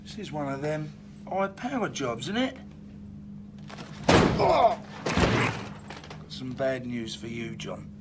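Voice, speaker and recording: A man's voice: medium pitch, big pitch swings, takes it slowly, pauses often, heavy background noise. An actor playing a menacing male crime boss, sly and mockingly threatening. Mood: sly menace. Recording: film audio with loud clicks and slams.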